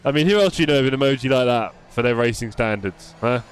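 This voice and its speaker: A man's voice: medium pitch, quick pace, slight background noise. A young man live-streaming a racing game, chatting casually and answering his viewers by name with self-deprecating humor.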